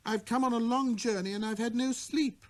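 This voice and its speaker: A man voicing a small, timid boy from another planet who speaks softly and earnestly, with shy politeness. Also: very high-pitched, steady tone, normal speed, pitched above the performer's own voice.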